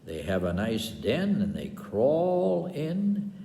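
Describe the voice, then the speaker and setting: An older man from Wisconsin tells rambling, folksy stories in a slow, unhurried way. His pitch swings up and down with a lively lilt, and his chuckles and asides come through an echoey room with a long reverb tail. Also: gravelly, slight background noise. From Wisconsin, USA. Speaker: storyteller. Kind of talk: folksy storytelling for children.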